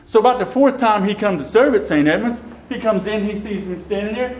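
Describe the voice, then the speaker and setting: A middle-aged deacon tells a folksy story to his parish, acting out the quotes and growing tearful at times. His voice sits high and runs a little fast with few pauses, over poor audio with slight background noise.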